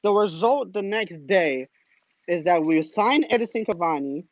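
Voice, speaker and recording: A man's voice: high voice, animated, normal speed, dry recording, muffled recording. A man speaking as a guest panelist, ranting in an exasperated way as a fan. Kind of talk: passionate fan rant.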